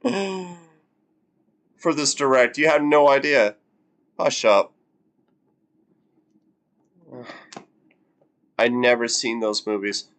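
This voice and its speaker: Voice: mid-range voice, drawn-out words, pauses often, fairly bright tone. A reaction streamer chatting casually, stammering and repeating words, often breaking into laughs.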